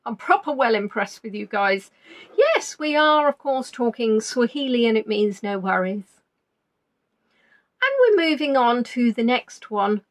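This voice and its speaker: A woman's voice: a little high, very animated, measured pace. A woman hosting a quiz, chatty and teasing, reading out answers as they come in. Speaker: quiz host. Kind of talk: live online quiz chat.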